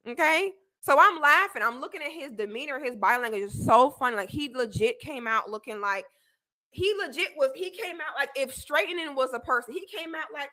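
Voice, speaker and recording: A young woman streamer with a high, bright voice that leaps all over the place. She tells her story expressively, laughing and acting out what people said. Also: a little fast. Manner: expressive, laughing, acts out quotes. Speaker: streamer reacting to a clip. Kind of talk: animated storytelling commentary.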